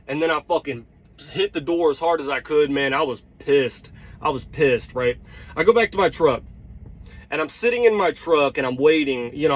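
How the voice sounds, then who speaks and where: A man's voice: fairly high pitch, muffled recording. A truck driver telling a heated, blunt story, swearing and checking in with his listeners as he vents. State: tired. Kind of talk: storytelling vlog rant.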